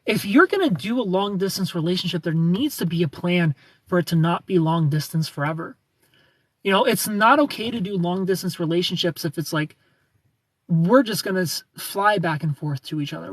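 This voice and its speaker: A young man with a Southern US accent hosts a casual livestream, teasing and greeting viewers by name. His voice sits a little higher than most men's. The sound is dry and close, with no room echo. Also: brisk, breathy edge. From United States. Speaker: livestream host. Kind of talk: casual chat with live viewers.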